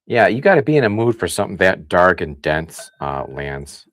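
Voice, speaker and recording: A man from the Midwest hosting a casual livestream, chatting and thinking out loud as he reads comments. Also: sits low, very animated, normal speed, dry recording, studio quality. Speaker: livestream host. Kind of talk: casual tasting livestream chat.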